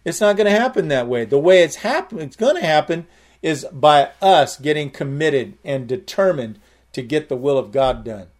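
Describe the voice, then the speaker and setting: A man's voice: a little high, animated, normal speed. A man preaching a sermon, explaining Greek words and repeating key phrases with emphatic rises. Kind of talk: sermon with word study.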